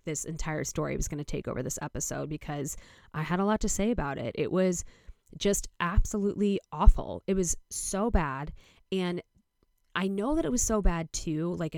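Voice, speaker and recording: Low-voiced woman rambling through a story. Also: a little mellow, dry recording, clean studio sound. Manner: rambling, heavy use of "like", quoting others. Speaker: podcast host. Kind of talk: casual storytelling monologue.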